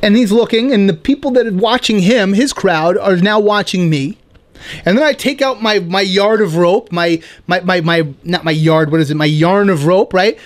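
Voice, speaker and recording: High-voiced man telling a funny story. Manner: animated, playful, quick asides like "right?". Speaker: podcast host. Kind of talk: casual storytelling monologue.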